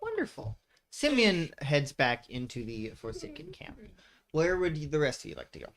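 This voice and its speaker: A man's voice: fairly high pitch, huge pitch swings, moderate pace, a bit bright. A man running a tabletop game as game master, playful and laughing often.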